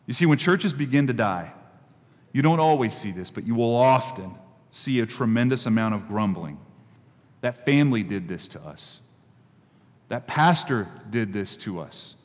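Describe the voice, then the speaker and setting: A man's voice: medium pitch, in a large hall. A male pastor giving a conversational sermon, repeating key phrases for emphasis.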